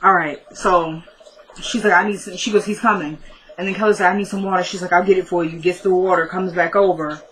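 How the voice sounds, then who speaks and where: Bright-voiced woman chatting through a recap. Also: fairly low pitch, fairly even intonation, brisk, slight background noise, rough recording. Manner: chatty, retells dialogue with "she's like". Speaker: TV recap vlogger. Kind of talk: casual episode recap.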